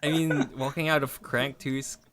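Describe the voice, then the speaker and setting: A man's voice: mid-range voice, little pitch movement, normal speed, a crowd in the background. A man co-hosting a podcast in casual chat, chuckling as he speaks. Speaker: podcast co-host.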